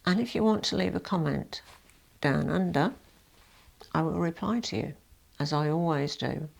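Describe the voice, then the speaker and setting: A woman's voice: sits low, lively intonation, brisk, vocal fry, a little mellow. A woman chatting to camera in a casual vlog, self-deprecating and full of asides. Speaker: fashion vlogger.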